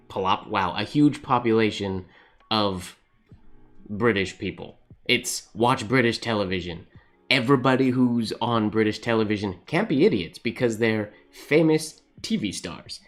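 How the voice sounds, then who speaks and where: A man talks casually while he writes on a live stream, thinking aloud, laughing often and answering viewers as they comment. His voice sits a little low. Soft music plays faintly behind him. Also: unhurried. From Canada. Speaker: calligraphy livestream host.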